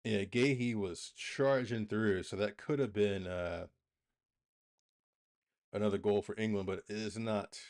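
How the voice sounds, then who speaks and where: A man hosting a live football watch-along, calling the play with excitable bursts and chatting casually to his viewers. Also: on the low side, measured pace, pauses often.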